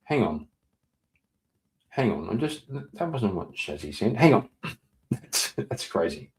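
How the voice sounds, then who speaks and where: A man streaming live, chatting casually and reading out viewer messages. He rambles, swears, laughs often and breaks into sudden loud, excited outbursts. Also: on the low side, a little slow, a little hiss or hum. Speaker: livestreamer.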